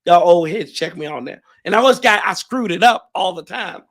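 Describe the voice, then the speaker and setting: A man hosting a fan livestream, hoarse and emotional, thanking his viewers in a rambling, heartfelt way with many restarts. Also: high voice, animated, fairly quick, fairly bright tone. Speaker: fan show host.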